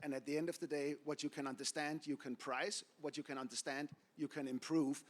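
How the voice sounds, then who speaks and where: A man's voice: on the high side, flat delivery, fairly quick. Man, panelist. Blunt, anecdotal, firm opinions. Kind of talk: panel discussion.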